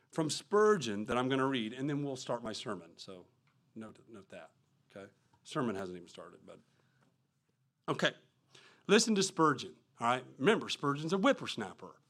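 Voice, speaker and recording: A man preaching a sermon, reading quotes and verses aloud with loud emphasis and dropping into quiet, quick asides. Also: medium pitch, animated. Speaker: pastor.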